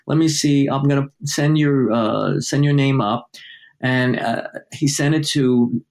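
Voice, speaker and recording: An older male journalist, a guest in an interview, telling stories with lively acted-out dialogue and plenty of fillers. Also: medium pitch, measured pace, vocal fry. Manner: lively anecdote-telling, acting out quoted dialogue, many fillers. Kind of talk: storytelling in a podcast interview.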